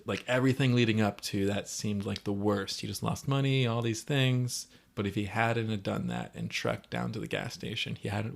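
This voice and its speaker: A man co-hosting a podcast, casually recapping a movie and acting out characters' lines in quick quoted voices. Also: lowish voice, gravelly. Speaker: podcast co-host.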